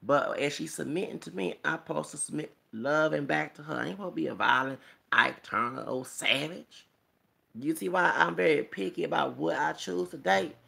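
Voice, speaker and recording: A man's voice: on the high side, normal speed, creaky, sharp tone. A man vlogging a rambling, emphatic commentary monologue, preachy and quoting scripture, punctuated with rhetorical "okay?" and "hello!".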